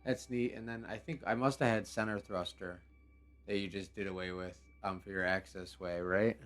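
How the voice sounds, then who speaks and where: A man hosting a live game show stream, talking casually in a relaxed, rambling way with many fillers. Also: low-pitched, moderate pace, soft background music.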